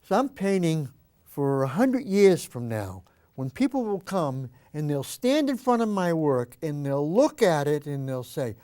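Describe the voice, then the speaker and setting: A man voicing an earnest, calm painter. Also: on the high side, measured pace. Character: earnest male painter defending his art.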